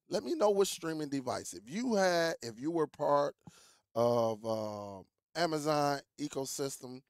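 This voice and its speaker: A man's voice: a little high, darkish tone, no echo, clean studio sound. A man hosting a tech vlog, talking casually and with feeling, repeating words for emphasis and calling his viewers y'all. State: coughing, throat catching. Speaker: tech YouTuber.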